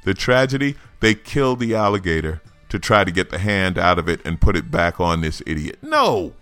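A man's voice: low-pitched, very animated, normal speed, fairly bright tone, smooth, no room sound, soft background music. A man hosting a comedy news podcast, delivering sarcastic, mocking commentary and laughing at his own jokes. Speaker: podcast host.

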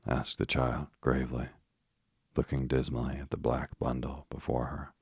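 A man narrating a bedtime sleep story in a slow, soothing reading voice. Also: a bass voice, little pitch movement, gravelly, darkish tone, breathy edge, no room sound, clean studio sound.

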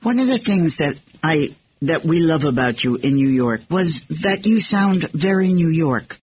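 A woman hosts a relaxed interview with a teasing, affectionate manner. Her voice sits on the low side for a woman. A faint hiss runs underneath. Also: unhurried. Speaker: radio host. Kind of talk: casual interview.

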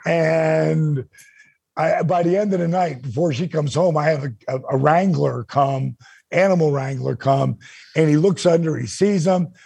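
A man with a deeply raspy, gravelly voice spins a lively story, jumping up in pitch when he quotes people. He sits fairly high for a man and sounds close and dry on the mic. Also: unhurried, no echo. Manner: animated, acts out quotes with big pitch jumps. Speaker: guest storyteller. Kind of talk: casual storytelling chat.

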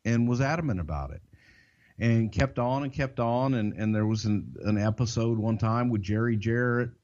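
An older man with a Southern American accent, co-hosting a podcast and telling behind-the-scenes stories in a folksy, drawn-out way. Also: medium pitch, darkish tone, highs cut off. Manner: folksy, drawn-out, swears casually. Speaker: podcast co-host. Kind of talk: casual storytelling.

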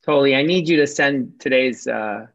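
A man's voice: mid-range voice, normal speed, vocal fry, dull audio. A man, a coach calling in for advice, who asks brief, hesitant questions and gives short replies. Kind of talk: one-on-one call.

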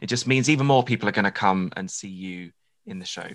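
A male podcast host with a lowish voice that still comes across bright and forceful. He talks quickly and effusively, piling on praise in a casual interview chat. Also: a little hiss or hum.

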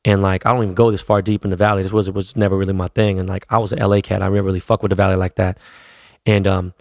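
Gravelly, profane LA storyteller man. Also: low-pitched, flat delivery, rapid-fire, a little mellow, dry recording, clean studio sound. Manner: profane, laid-back street slang. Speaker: DJ telling stories. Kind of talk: casual storytelling.

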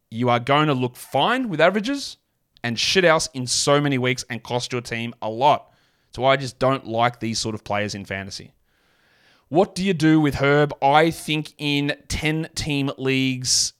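A man's voice: mid-range voice, expressive, measured pace, clear, resonant tone. A man hosting a solo sports podcast, talking in a blunt, rambling, self-mocking way. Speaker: podcast host. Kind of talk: casual solo podcast talk.

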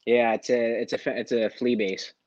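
A man's voice: mid-range voice, level tone, normal speed, a little mellow, no room sound, dull audio. A man calling into a live stream and asking a question hesitantly. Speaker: caller.

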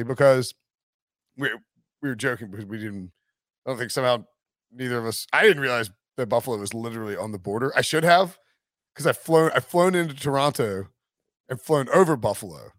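A man's voice: mid-range voice, expressive, brisk, fairly bright tone, no echo, clean studio sound. A man hosting a sports podcast, chatting casually, joking and laughing often. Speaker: podcast host.

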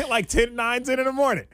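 A man's voice: extremely high pitch, a bit bright, dry recording, studio quality. A man co-hosting a podcast, telling a story in casual chat and laughing often. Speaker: podcast co-host.

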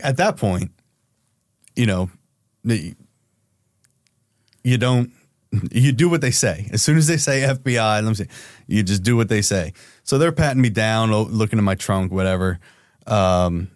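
A man's voice: no room sound, studio quality. A man telling a wild story as an investigator, swearing freely and acting out the quotes. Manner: swears freely, acts out quotes with raised pitch. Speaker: private investigator guest. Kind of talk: casual storytelling interview.

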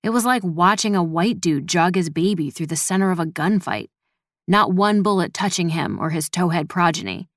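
A woman reading a story as a scripted narration in an even, measured manner. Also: fairly low pitch, no room sound, clean studio sound. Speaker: audiobook narrator.

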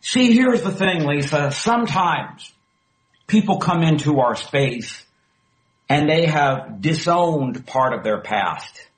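A middle-aged man, a former talk radio host, telling a story in an interview with emphatic, animated delivery. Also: fairly high pitch, takes it slowly, poor audio. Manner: animated, emphatic storyteller who acts out quoted dialogue.

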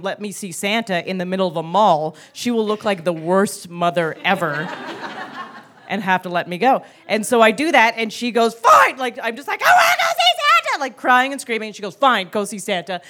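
A woman telling a comic personal story live on stage, acting out childhood scenes with sudden shouts. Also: medium pitch. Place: theater stage before a live audience.

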